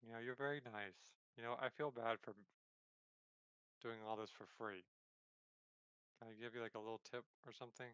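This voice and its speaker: A man's voice: mid-range voice, steady tone, normal speed, long pauses, fairly bright tone, clear, resonant tone, no room sound, lo-fi sound. A man playing in a tabletop role-playing game, talking casually and joking. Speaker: player.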